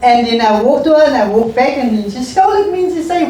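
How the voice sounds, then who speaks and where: A middle-aged woman, an interview guest telling her life story in a halting, emotional way and repeating phrases. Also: sits high, animated, mellow. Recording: echoey room, voice far from mic, faint noise.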